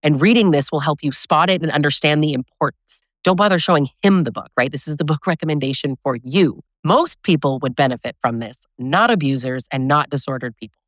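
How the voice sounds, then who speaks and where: Deep and brisk, this woman barely pauses, and the studio recording carries no echo. She teaches about abusive relationships in a direct-to-camera talk, pressing her points in a coaching way and often appending "right?".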